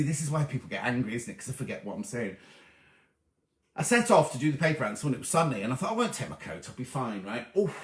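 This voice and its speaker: A man's voice: fairly high pitch, fairly bright tone, roomy sound. A middle-aged man hosting a live sewing chat stream from a small room at home, cheerful and easily sidetracked while greeting viewers.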